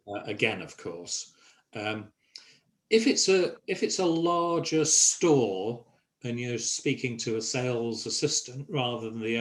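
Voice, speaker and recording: An older man teaching a Spanish class over a video call, pausing often with fillers. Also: fairly low pitch. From England. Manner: halting, many fillers. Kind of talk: online language lesson.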